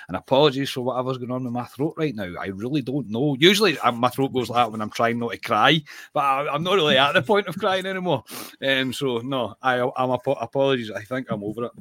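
A man's voice: medium pitch, a bit bright, no echo. A man hosting a casual podcast and reading a sponsor ad, his throat bothering him. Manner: reads ad copy briskly, apologetic asides. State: throat trouble, clearing throat. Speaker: podcast host.

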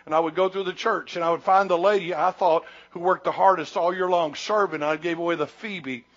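Emphatic high-voiced pastor preaching. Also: male voice, steady tone, lo-fi sound. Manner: emphatic preaching with sudden loud, high bursts and slow drawn-out words. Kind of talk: sermon.

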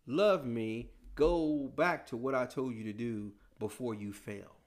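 A man preaching and voicing a calm, firm male teacher who speaks in plain, direct vernacular. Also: mid-range voice, measured pace, pitched below the performer's own voice, lightly acted.

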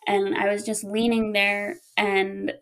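A woman's voice: medium pitch, little pitch movement, slow pace. A woman telling stories in casual chat, laughing often as she talks.

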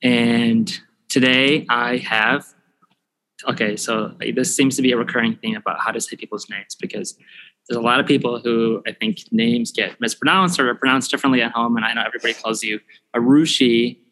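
A man's voice: mid-range voice, steady tone, a little fast, pushed and bright, rough recording. A man hosting his podcast, chatting casually and thinking aloud with ums and restarts. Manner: easygoing, thinking aloud with fillers. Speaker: podcast host. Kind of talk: casual chat. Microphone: headphones, podcast mic.

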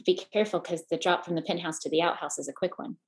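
A woman's voice: on the low side, fast. A middle-aged woman hosting a podcast, talking with feeling and often stumbling over and repeating her words. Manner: heartfelt, repeats words while searching for them. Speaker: podcast host. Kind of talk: emotional conversational chat.

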